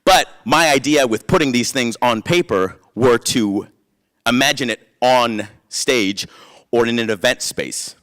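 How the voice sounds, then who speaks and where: A man, a playwright and performer, reading spoken-word verse and telling stories in an animated way, acting out the voices of people he quotes. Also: mid-range voice, unhurried.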